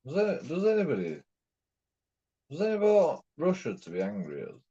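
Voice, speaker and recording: An English streamer, a man, delivers a profane ranting monologue, rambling, repeating himself, and swearing nonstop. His voice sits on the high side with wildly swooping pitch, a brisk pace, and a warm, slightly rough tone. The lo-fi recording sounds dull.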